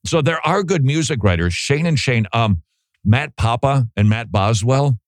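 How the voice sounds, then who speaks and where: A man's voice: mid-range voice, lively intonation, unhurried, no echo, clean studio sound. A man hosting a casual talk show, musing aloud and asking his co-host rhetorical questions. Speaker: podcast host.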